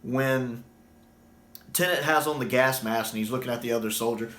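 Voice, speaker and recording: A man giving casual, enthusiastic fan commentary, getting animated when he quotes lines. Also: mid-range voice, normal speed. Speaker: YouTube commentator. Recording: roomy echo.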